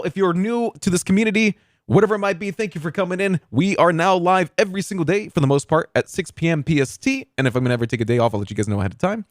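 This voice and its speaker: A man's voice: high-pitched, no echo, studio quality. A man streaming live, chatting casually with his viewers and reacting to clips.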